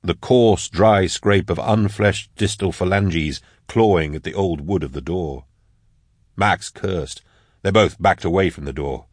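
A man narrating an audiobook chapter in a measured storytelling manner. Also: low-pitched, no room sound, studio quality. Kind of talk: scripted narration.

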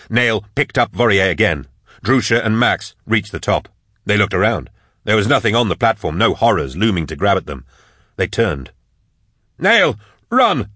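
A man reading an action audiobook in a steady, dramatic scripted narration. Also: on the low side, dry recording, studio quality.

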